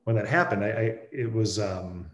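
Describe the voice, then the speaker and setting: A man with a somewhat low voice talks through a personal experience in a reflective, halting way. He pauses and restarts often as he searches for words. The recording has a noticeable roomy echo. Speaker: guest sharing a personal experience. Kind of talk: reflective conversational storytelling.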